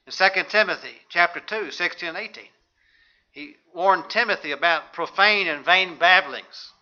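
A man's voice: sits high, bright, forceful tone, lo-fi sound. A man preaching a sermon, emphatic and rhetorical, quoting scripture in old-fashioned wording.

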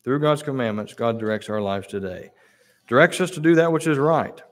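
A man's voice: medium pitch, animated, brisk. A man preaching a sermon, reading Bible verses aloud and repeating key words for emphasis.

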